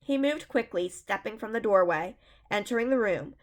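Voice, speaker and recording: A woman's voice: medium pitch, lively intonation, normal speed. Woman reading a spooky children's book. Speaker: reader.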